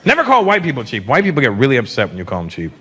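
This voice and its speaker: A man in his fifties from Canada doing a stand-up comedy set in a large theater, animated and slipping into mocking put-on voices. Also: mid-range voice, very fast, husky. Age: 50s. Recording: live show with crowd noise. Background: laughing audience.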